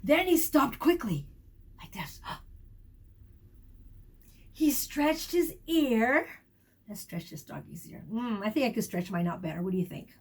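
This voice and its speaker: A woman's voice: a little high, measured pace, long pauses, slightly rough. A woman teacher reading a picture book aloud to young children, asking them questions as she goes. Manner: warm, animated storytelling with questions to children.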